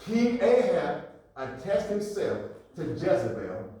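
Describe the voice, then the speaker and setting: Male preacher, high and animated, emphatic and repetitive, recorded far off in a very echoey room. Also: slow. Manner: emphatic and repetitive, swinging between shouts and hushed asides; addresses the congregation directly, calls for responses. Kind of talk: sermon. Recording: very echoey, mic far from the speaker.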